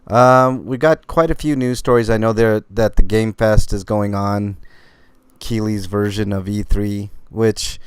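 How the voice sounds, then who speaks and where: A man hosts a live podcast in a loose, meandering way, leaning on fillers and fighting off hiccups. His voice sits a little low and sounds smooth and resonant. The recording is dry and close, with no room sound. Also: steady tone, a little slow, dry recording. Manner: rambling, filler-heavy, laid-back. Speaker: podcast host. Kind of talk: casual live-stream podcast chat.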